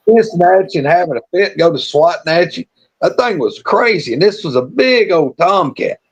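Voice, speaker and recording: High husky man telling a yarn. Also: a little mellow, dull audio. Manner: folksy, rambling yarn-spinner with frequent restarts and chuckles. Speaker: storytelling co-host. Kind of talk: casual live-stream storytelling.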